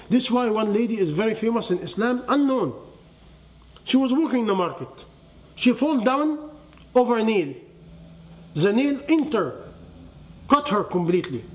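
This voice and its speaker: Delivering a sermon before a live audience, a religious teacher speaks in a strikingly high-pitched voice. He repeatedly tests his listeners with rhetorical questions, letting his voice fall almost to a whisper on the important phrases.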